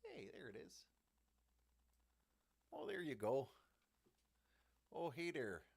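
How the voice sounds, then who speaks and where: Chatty, gravelly-voiced male stream host. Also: mid-range voice, very animated, takes it slowly, darkish tone. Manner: chatty, upbeat, reads viewer comments aloud and jokes with them; mutters to himself while fiddling with his setup. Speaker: livestream host running card breaks and giveaways. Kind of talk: casual live-stream chat.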